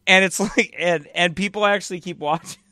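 Bright, clear-voiced mocking commentator man. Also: high voice, fairly quick, no room sound, studio quality. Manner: mocking, animated, laughing. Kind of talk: reaction commentary.

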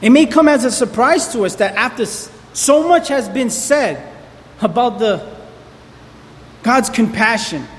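Emphatic high-voiced male preacher. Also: animated, measured pace, long reverb tail, a little hiss or hum. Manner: emphatic, repeats key words for stress. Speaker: pastor. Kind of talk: sermon.

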